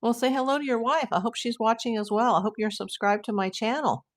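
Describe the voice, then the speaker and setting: A woman's voice: on the high side, fairly even intonation. An older woman from the United States, hosting a casual livestream, chatting and reading out viewer messages with frequent exclamations. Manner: chatty and exclamatory, quick to say wow. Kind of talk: casual live chat.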